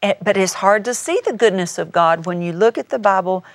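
An older woman, a grandmother, teaches the Bible on a television broadcast in a folksy, chatty way, ticking off scripture references. Her voice sits at a middling pitch. The sound is close and dry, with no room around it. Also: fairly quick, no room sound. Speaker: TV minister.

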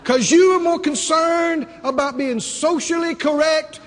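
A Southern man from the American South preaches a lively sermon in a large hall, his voice very high-pitched and unhurried. He fills it with rhetorical questions and acts out voices.

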